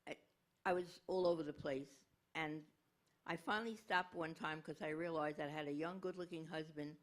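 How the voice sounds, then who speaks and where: A woman's voice: deep voice, fairly even intonation, moderate pace. A woman in her eighties speaking frankly and wryly as a panel guest. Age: 80s. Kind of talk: reflective panel talk.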